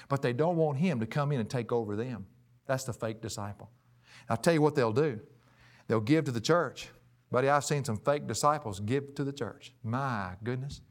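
A man preaching an expository sermon, emphatic and folksy, his voice rising and falling for emphasis. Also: medium pitch. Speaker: pastor.

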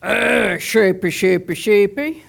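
A woman voicing a scheming male sheep thief who is faking a deep voice and calling out coaxingly. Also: animated, slow pace, exaggerated voice. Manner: coaxing, put-on gruff calling.

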